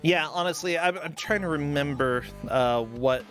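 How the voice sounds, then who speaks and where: A man's voice: on the high side, normal speed, soft background music. A man hosting a casual game stream, commenting playfully on the action and cracking jokes. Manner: playful, jokey, animated. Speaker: stream host.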